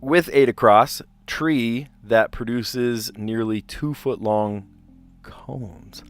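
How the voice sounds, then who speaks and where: A man streaming himself solving word puzzles, chatting casually and thinking out loud as he reads clues. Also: medium pitch, slow pace, faint music behind. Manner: chatty, rambling, reads clues aloud and muses over answers. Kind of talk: casual live-stream commentary, thinking aloud.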